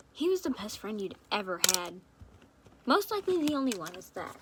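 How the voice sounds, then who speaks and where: A woman's voice: on the high side, heavy background noise. A young woman casually reading her own fan story at home, rambling and chatty, with frequent asides.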